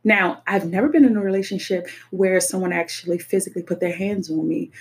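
A woman's voice: lowish voice, a little fast. Earnest, emphatic woman talking about boundaries. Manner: earnest, emphatic, repeats phrases. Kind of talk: personal reflective talk.

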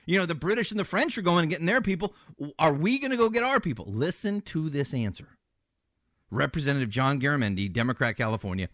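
A man's voice: a little high, expressive, fast, fairly bright tone, no room sound. Indignant male radio host, raised voice that swings widely, dry booth sound. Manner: indignant, ranting, sarcastic. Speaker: fill-in talk radio host. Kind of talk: political talk radio commentary.

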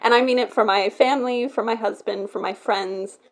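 A woman's voice: on the high side, steady tone, moderate pace. A woman co-hosting a podcast in casual chat, open and chatty with lots of filler words. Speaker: podcast co-host.

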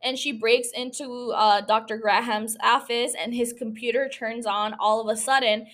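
A young woman podcast host talks through a film's story in a loose, conversational way. Her voice sits a little high, and she keeps stopping to restart sentences or drop in filler words. It sounds like relaxed, unscripted chat. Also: normal speed. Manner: chatty, heavy use of filler "like", frequent restarts. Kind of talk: casual movie recap.

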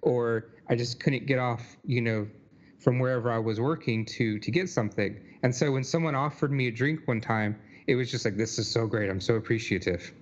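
A man's voice: medium pitch, brisk. Brief: male podcast co-host, casual rambling talk, slightly muffled lo-fi sound. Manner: rambling, many likes and you knows. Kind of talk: casual chat.

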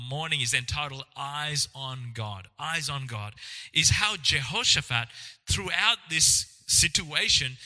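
Guy preaching, bright forceful voice, kinda high, echoey church hall sound. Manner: earnest, reassuring, with frequent fillers and restarts. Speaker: pastor. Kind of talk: sermon. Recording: long hall reverb.

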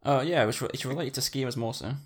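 A man's voice: mid-range voice, fast. A man with a northern English accent, co-hosting a film podcast in casual, dry, self-deprecating chat. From northern England. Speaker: podcast co-host.

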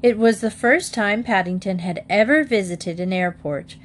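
A woman narrating a children's storybook in a steady, measured reading voice. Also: medium pitch. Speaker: audiobook narrator.

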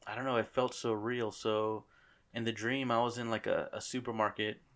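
A man's voice: lowish voice, little pitch movement, moderate pace, fairly bright tone. A man co-hosting a podcast, telling a dream story in casual, profane chat. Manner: profane, storytelling, laid-back. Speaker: podcast co-host.

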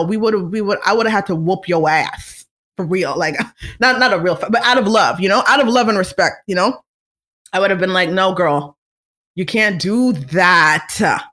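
Vlogger, casual celebrity commentary, lively swooping pitch, blunt, swears, mimics people. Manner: animated, swears freely, mimics others in high voices.

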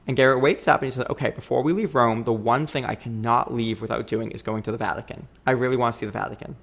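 A young man telling a long personal story in a casual podcast chat, acting out the quoted voices with lively energy. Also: medium pitch, quick pace, vocal fry. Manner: animated, acts out quoted voices. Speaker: podcast guest.

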